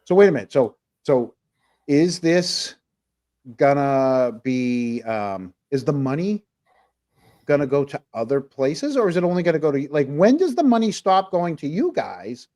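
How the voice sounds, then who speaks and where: A man's voice: a little high, lively intonation, unhurried, darkish tone. A man co-hosting a casual livestream talk show, rambling through viewer comments with plenty of fillers. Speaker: podcast co-host.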